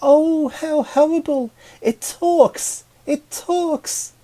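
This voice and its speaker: A man reading a storybook and voicing a hysterical female talking flower with shrill, panicky wailing. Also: extremely slow, mellow, heavily acted.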